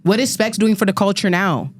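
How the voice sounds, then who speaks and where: A woman in her thirties launches into a fired-up rant on a podcast panel, swearing freely and stumbling over repeated words as she presses her point. Her voice sits at a middling pitch. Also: expressive, a little fast. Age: 30s. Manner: ranting, emphatic, profane, repeats words when fired up. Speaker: guest panelist. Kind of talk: heated monologue on a panel podcast.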